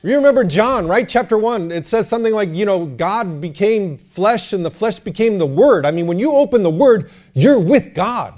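A man preaching a sermon to his church, animated and joking, often asking the crowd for an amen. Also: sits high, normal speed, few pauses. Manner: animated, joking, calls for amens. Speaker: pastor.

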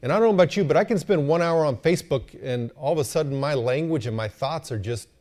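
A man preaching a sermon to his church, animated and joking, often asking the crowd for an amen. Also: on the high side, fast. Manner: animated, joking, calls for amens. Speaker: pastor.

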